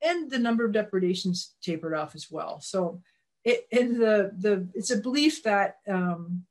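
A woman's voice: mid-range voice, expressive, moderate pace. A woman giving a conversational slide presentation on wildlife, speaking in a folksy, plainspoken way, often restarting her sentences and calling for the next slide.

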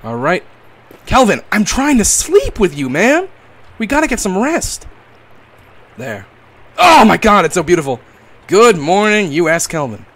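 Animated young man yelling at game companions. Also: on the high side. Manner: playful, swings from mock-tender to yelling and swearing. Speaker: gaming YouTuber. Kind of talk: comedic gameplay commentary.

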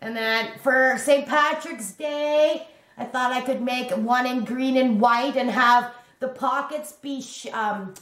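A woman's voice: high-pitched, slow pace, a bit bright. A woman in her fifties chatting casually at home about her crochet, rambling and restarting her sentences with little giggles. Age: 50s. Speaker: crochet vlogger. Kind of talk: casual show-and-tell chat. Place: home room. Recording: echoey room.

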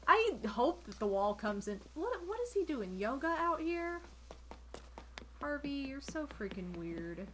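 A woman's voice: high-pitched, very animated, unhurried, a little hiss or hum. A woman streamer chatting casually while she plays, rambling with lots of "like" and gushing thanks to donors. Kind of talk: casual gameplay chat. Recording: music playing behind.

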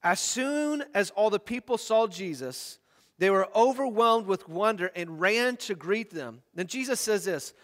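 A man's voice: high-pitched, lively intonation, a little slow, a bit bright, long reverb tail. A man preaching a sermon, reading scripture aloud in an earnest way with frequent restarts. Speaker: pastor. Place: church.

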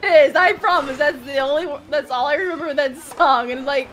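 A woman's voice: high-pitched, brisk, fairly bright tone, soft background music. A woman playing on a gaming stream, giggling a lot and playfully flustered as she chats. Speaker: co-player on stream. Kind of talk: casual gaming stream chat.

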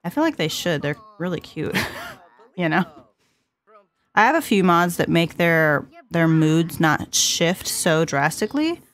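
A woman's voice: on the low side, big pitch swings, a little slow. Giggly chatty young woman gamer. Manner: chatty and giggly, talks to her characters. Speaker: let's play host. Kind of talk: casual gameplay commentary.

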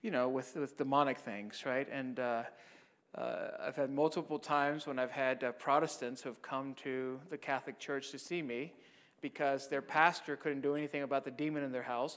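A man's voice: mid-range voice, fairly even intonation, normal speed, a bit bright, big-room sound. A man, a Catholic priest, giving a mission talk in a conversational storytelling way, often checking in with "right?". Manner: conversational, frequent "right?" tags.

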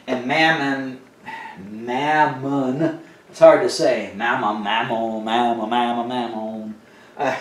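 A man's voice: mid-range voice, reverberant, recorded from a distance. A man teaching verse by verse in a loose, conversational way, full of fillers and asides. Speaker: Bible teacher. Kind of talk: casual Bible teaching.

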